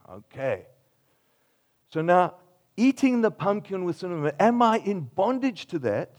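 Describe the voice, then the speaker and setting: An older man from Australia preaching a sermon, telling playful made-up examples with lively energy and then dropping to a quiet, earnest close. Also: a little high, moderate pace. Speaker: pastor.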